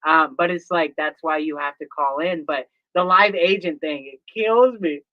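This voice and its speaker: Animated high-voiced man telling stories. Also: normal speed, no room sound, muffled recording. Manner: animated storyteller, acts out phone calls, laughs easily. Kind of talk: casual chat.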